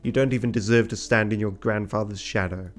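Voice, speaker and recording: A man's voice: on the low side, steady tone, brisk, faint music behind, close to an everyday voice. A man voicing a scheming noblewoman who talks in a mocking, contemptuous way. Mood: scornful.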